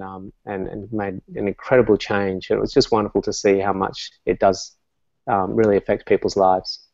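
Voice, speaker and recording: A man, a meditation coach talking calmly and telling stories as an interview guest, with many fillers. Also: fairly low pitch, no echo, muffled recording. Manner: calm, storytelling, many fillers.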